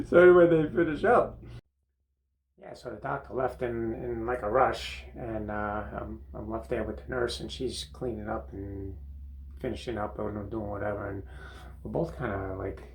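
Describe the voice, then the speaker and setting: An older man hosting a comedy monologue, telling a rambling, halting anecdote from a bathroom, full of restarts and chuckles. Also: lowish voice, fairly even intonation, a little hiss or hum, low-quality recording. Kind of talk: seated storytelling monologue. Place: bathroom, seated on a toilet.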